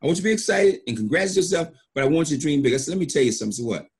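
A middle-aged network marketing leader gives an emphatic motivational talk, acting out stories with repeated phrases. His husky voice is fairly high and expressive, and he speaks very fast.

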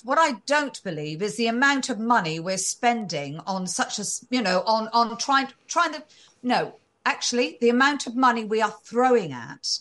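A woman's voice: a little high, fairly bright tone. A woman guest in an interview, answering questions thoughtfully and often restarting her sentences. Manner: thoughtful, frequent restarts and fillers, occasional laughs.

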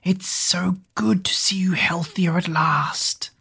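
A woman voicing a grovelling male lizard servant, in whispered role-play with a slow, oily whisper. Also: lowish voice, fairly even intonation, creaky, a bit bright, breathy edge, full character voice.

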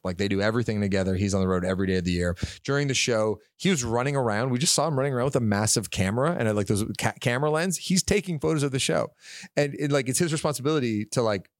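A man co-hosting a podcast, telling rambling, animated anecdotes in casual chat. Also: mid-range voice, quick pace, no room sound, clean studio sound. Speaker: podcast co-host.

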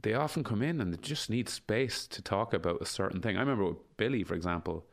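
A man's voice: on the low side, expressive, fast, vocal fry. A man in his forties, talking emphatically as an interview guest, repeating himself and swearing freely. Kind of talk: casual conversational interview.

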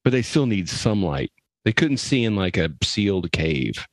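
Deep-voiced wry male podcast host. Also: normal speed, no echo. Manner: wry, deadpan asides. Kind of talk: casual chat.

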